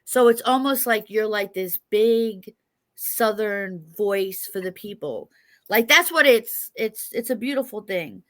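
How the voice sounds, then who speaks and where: A woman's voice: medium pitch, lively intonation, measured pace. A woman from New York with a New York accent, hosting an interview in a chatty, joking, rambling way. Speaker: interview host. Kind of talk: casual chat interview.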